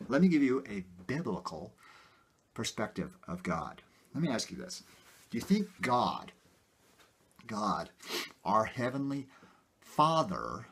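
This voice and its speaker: A man talking casually to his viewers about his own life, rambling with many fillers and getting animated. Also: lowish voice, slightly rough. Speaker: video host. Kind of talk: casual personal talk to camera.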